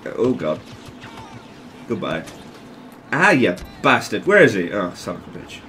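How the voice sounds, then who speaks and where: A man commentating on his own gameplay, his voice bright and swooping all over. He talks slowly and swears freely, with a joking, excitable manner, over a faint bed of game ambience. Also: on the low side, slight background noise. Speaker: gamer.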